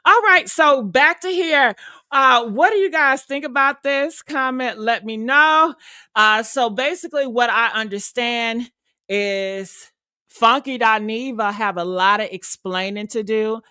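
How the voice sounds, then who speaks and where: Sassy, bright-voiced gossip host, woman. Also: a little high, a little slow, clean tone, dry recording. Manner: sassy, animated storytelling with acted-out quotes. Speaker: show host. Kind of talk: casual gossip chat.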